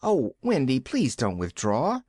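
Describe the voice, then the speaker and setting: A man's voice: medium pitch, huge pitch swings, a little slow, darkish tone, husky, no room sound, studio quality, full character voice. A man voicing a boastful, cheerful boy in a bedtime story. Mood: pleading. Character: boastful cheerful boy who won't grow up.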